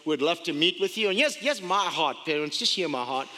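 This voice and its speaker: A man's voice: on the high side, a little fast. A man with an accent preaching a sermon as pastor, telling stories and jokes with laughs along the way. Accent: non-American. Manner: animated, jokey storytelling with laughs. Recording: long reverb of a church hall.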